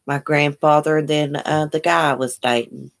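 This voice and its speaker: This livestream host has a deep, gravelly voice with a steady tone and moderate pace. On her casual stream she reads viewer comments out loud and responds sympathetically, in a chatty, folksy way.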